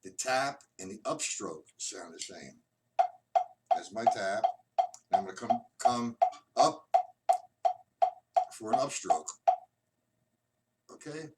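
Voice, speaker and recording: A man teaching a drum lesson on a live stream, patiently explaining and counting out loud. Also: fairly low pitch, animated, takes it slowly, pauses often. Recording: distant mic, loud noisy room.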